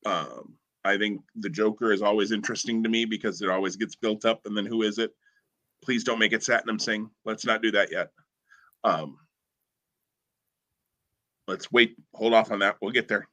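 A man's voice: on the low side, moderate pace, pauses often, pushed and bright. A man co-hosting a podcast in casual chat, rambling and enthusiastic with lots of fillers. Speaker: podcast co-host.

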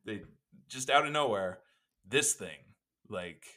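Jokey, low-voiced man co-hosting a podcast. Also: expressive, takes it slowly, sharp tone. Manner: rambling and jokey, with many fillers. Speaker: podcast co-host. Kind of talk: casual chat.

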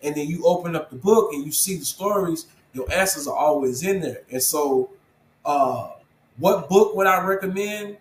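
A man with a slightly high voice talks earnestly in an interview, urging listeners like a preacher and calling them bro. His voice bounces around an echoey room, with a faint hum of ambience behind him. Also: normal speed. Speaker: interview guest, program founder. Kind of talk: casual interview talk.

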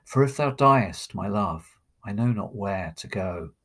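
A man voicing a sorrowful young woman lamenting her lover, recited slowly as poetry. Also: lowish voice, expressive, gravelly, fairly bright tone, heavily acted. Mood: pleading, sorrowful. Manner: slow, mournful verse recitation.

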